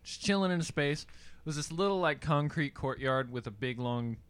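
A young man co-hosting a podcast, telling a rambling story in a laid-back way with deadpan asides. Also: on the high side, normal speed, clear, resonant tone, no room sound. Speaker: podcast co-host. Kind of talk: casual storytelling.

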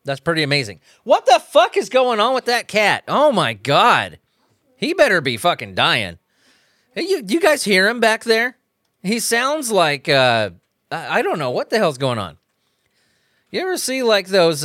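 A man chatting casually on his podcast, profane and rambling, often breaking into laughter. His voice sits a little higher than most men's. The sound is dry and close, from a microphone on a stand. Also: a bit bright, no echo. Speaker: podcast host. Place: at home.

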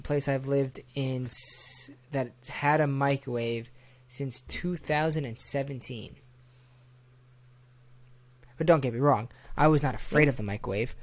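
A man co-hosting a casual chat, answering with dry teasing quips. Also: medium pitch. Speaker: podcast co-host.

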